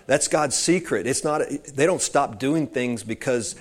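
A man's voice: mid-range voice, a little slow. A man preaching an informal sermon, talking conversationally and wandering into asides, calling his listeners saints.

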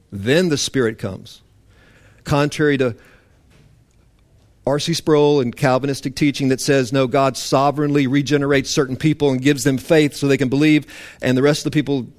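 A man preaching a sermon to a congregation with impassioned emphasis that drops to hushed intensity. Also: medium pitch. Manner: mock-indignant voice for a legalist's complaint.

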